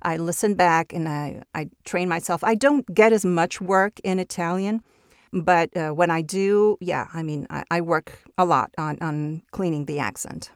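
A woman's voice: on the low side, unhurried, dry recording, studio quality. Spanish-speaking woman, chatty voice actor. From Mexico. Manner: chatty, restarts words often, tags "right?". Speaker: voice actor guest. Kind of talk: casual interview chat.

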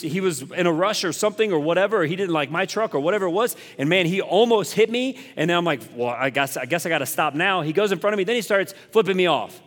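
A male pastor giving a conversational sermon, candid and self-deprecating, repeating phrases for emphasis. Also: on the high side. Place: church. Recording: echoey hall reverb.

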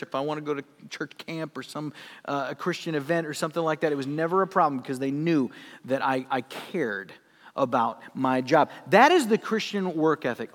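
A male pastor preaching a sermon in an animated storytelling manner, with laughing asides. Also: fairly high pitch, in a large hall.

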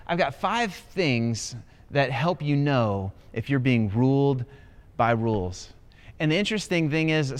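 A man preaching a sermon as pastor, telling stories with rising excitement. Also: mid-range voice. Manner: animated storytelling with rising excitement. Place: church auditorium.

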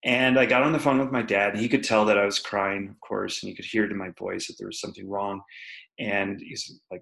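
A man's voice: fairly low pitch, steady tone, fast talker, vocal fry, fairly bright tone, poor audio. A man, a podcast guest, candidly telling a personal story in an interview, laughing often and acting out what people said. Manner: candid, laughs often, acts out quoted voices.

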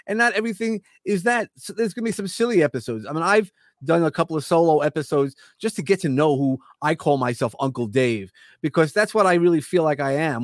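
A man's voice: a little high, no room sound, clean studio sound. New York-accented man, earnest and rambling. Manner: rambling, earnest, repeats words when starting. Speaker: podcast host and coach, interview guest. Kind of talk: casual interview talk.

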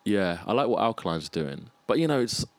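Speaking a little fast, this podcast guest, a freelance arts producer with a low voice, muses aloud in a relaxed conversation, restarting phrases, listing ideas, and getting animated about music as he warms up. The recording is dry and close, with little room around it.

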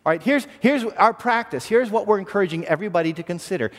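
A man's voice: high voice, lively intonation, fast, big-room sound. A man preaching a sermon as pastor, earnest, often repeating a word as he restarts a phrase.

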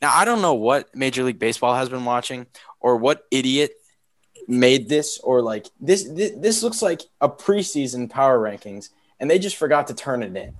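A man's voice: mid-range voice, lively intonation, normal speed. A man co-hosting a casual sports podcast, venting in a sarcastic, exasperated way. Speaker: podcast co-host.

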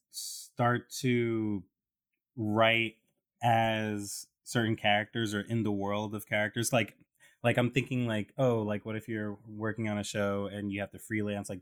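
Male podcast host, lower voice, relaxed and curious, quick to laugh. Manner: laughs often, easygoing and curious. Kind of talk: casual podcast interview.

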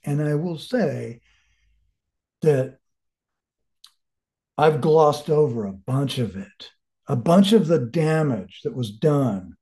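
A man's voice: on the high side, lively intonation, takes it slowly, long pauses, dark tone. A man in his forties telling his own story as an interview guest, blunt and emphatic, swearing constantly. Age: 40s. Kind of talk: candid personal storytelling.

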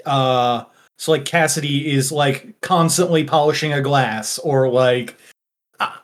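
A man's voice: medium pitch, measured pace. A man hosting a tabletop game podcast, chatting casually and stammering when put on the spot. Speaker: podcast host and player.

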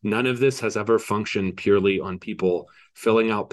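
A man co-hosting a podcast, explaining political history in a steady, detailed way with frequent asides. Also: fairly low pitch, moderate pace, hardly any pauses.

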